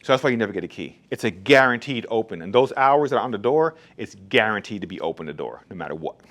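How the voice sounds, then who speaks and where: A barbershop owner with a fairly low voice talks fast with lively intonation and a slightly bright tone. He delivers a casual, blunt, emphatic monologue about the rules of his shop.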